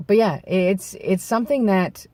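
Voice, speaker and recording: A man with a gravelly voice worn by vocal nodes, a bit hoarse from throat clearing, talking candidly to camera outdoors in a reflective, halting way. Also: sits high, darkish tone, no echo. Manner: reflective and halting, with restarts and self-corrections. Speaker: vlogger. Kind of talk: candid personal talk to camera. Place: outdoors in bright daylight.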